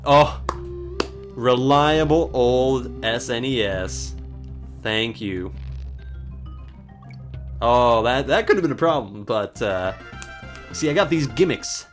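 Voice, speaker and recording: Gamer guy narrating his playthrough, sarcastic and swearing, pitch all over the place, faint game music under him. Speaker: let's play host. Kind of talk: casual gameplay commentary.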